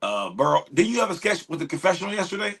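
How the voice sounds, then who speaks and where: A man hosting a casual podcast, animated and slangy, swearing freely. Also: sits high, fast talker, vocal fry, husky. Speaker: podcast host.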